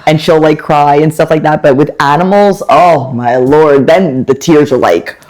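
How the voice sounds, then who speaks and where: A woman co-hosting a podcast in casual chat, animated and laughing often as she acts out what others said. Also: sits low, moderate pace. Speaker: podcast co-host.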